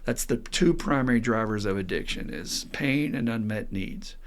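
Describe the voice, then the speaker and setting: A middle-aged man, hosting a podcast as an addiction counselor and telling stories in a lively way. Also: medium pitch, moderate pace. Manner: lively storyteller who acts out quotes with laughs. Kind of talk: casual podcast monologue.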